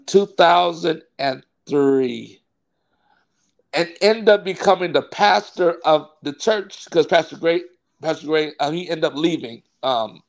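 A Baptist pastor from California telling a personal story in a rambling, heartfelt way, full of fillers. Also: male voice, fairly high pitch. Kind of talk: casual interview storytelling.

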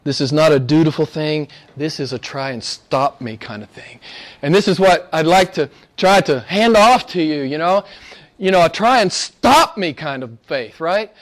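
A man preaching a sermon in a conversational way, asking rhetorical questions and repeating phrases for emphasis, dropping quiet and low and then rising loud and excited. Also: normal speed. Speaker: pastor.

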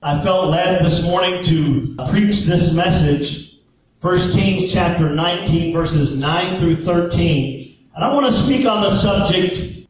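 A man's voice: fairly high pitch, measured pace, slight background noise. A male pastor preaching a sermon, leading the congregation in call-and-response. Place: church sanctuary. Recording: echoey church sound from far off.

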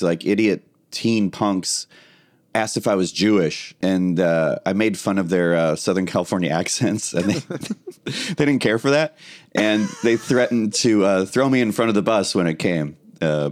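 A man co-hosting a casual music podcast, talking in a relaxed, offhand way and sharing background facts. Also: sits low, normal speed. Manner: relaxed, offhand, does the research. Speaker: podcast co-host. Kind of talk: casual chat.

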